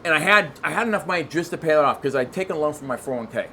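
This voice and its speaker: Excitable rambling male podcast guest, slightly high pitch, light background noise. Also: very fast. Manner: excitable, rambling, many restarts. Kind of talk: casual storytelling chat.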